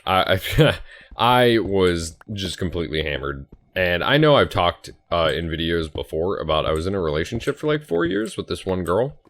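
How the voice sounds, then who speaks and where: A young man in his twenties with a low voice tells a long personal story in a loose, chatty way. He rambles, restarts and fills gaps with fillers as he plays a game on a headset mic. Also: very animated, normal speed, a bit bright. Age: 20s. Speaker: gaming YouTuber. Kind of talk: casual storytelling while playing a game.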